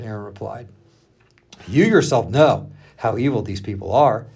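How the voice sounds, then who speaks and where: Husky-voiced male pastor reading aloud. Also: fairly low pitch, moderate pace, long pauses. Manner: expressive reading, acting out the quotes with laughs between. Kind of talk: reading scripture aloud with asides.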